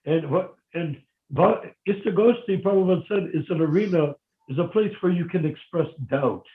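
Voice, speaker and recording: Older male spiritual teacher, higher-pitched voice, echoey phone-line sound, animated storyteller who acts out dialogue. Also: moderate pace. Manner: animated, acts out dialogue with sudden loud outbursts. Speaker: spiritual teacher leading a devotee meeting. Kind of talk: casual teaching talk over a phone meeting.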